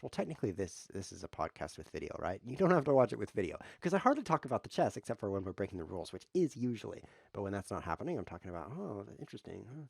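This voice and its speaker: A man with a lowish voice commentates his own online chess games, rambling through deadpan jokes and silly asides. His voice sits close and dry on the mic, with no room sound around it. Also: dry recording. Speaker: chess streamer. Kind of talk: playful live commentary while playing.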